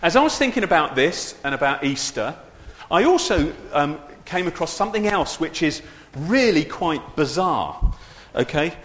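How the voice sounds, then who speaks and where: A man gives a light-hearted sermon in a big church hall, his voice riding high and swinging lively up and down. He talks chattily and pokes fun at himself, throwing questions out to the congregation. The microphone picks up a roomy echo with a long reverb tail. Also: normal speed, few pauses. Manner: chatty and self-deprecating, with many asides to the congregation. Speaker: preacher leading a church service. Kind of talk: informal, humorous sermon. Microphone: handheld or stand microphone.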